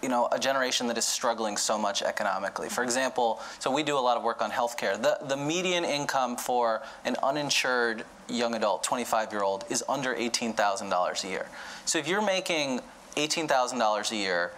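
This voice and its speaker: Earnest male panelist, mid pitch, halting delivery, faint background hiss. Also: a bit bright, rough recording. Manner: earnest, halting, uses many fillers. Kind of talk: panel discussion.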